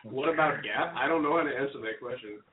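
A man's voice: medium pitch, quick pace. A man on a casual podcast, throwing in dry wisecracks among friends. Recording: phone-like narrow sound.

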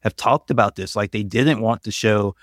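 A man's voice: on the low side, normal speed, no room sound. Hedging man in dry casual chat. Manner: conversational, hedging, many fillers and asides. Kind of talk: casual discussion.

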